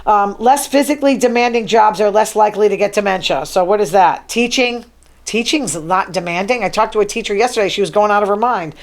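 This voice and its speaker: A woman's voice: mid-range voice, brisk. A woman hosting her own talk show, reading news items from her notes and adding chatty, wry asides. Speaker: show host. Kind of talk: casual solo talk show monologue.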